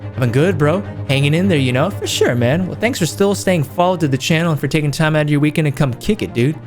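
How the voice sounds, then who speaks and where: A man streaming a game, chatting casually and warmly to viewers, calling them dude and man. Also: a little high, animated, fast talker. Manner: laid-back, friendly, calls viewers dude and man. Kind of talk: casual chat with live chat viewers. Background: game music.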